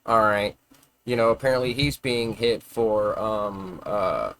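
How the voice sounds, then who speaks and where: A man's voice: lowish voice, slow pace, a bit bright. A man ranting casually on a live stream. He talks in a rambling, profane, argumentative way, often stumbling and restarting his words.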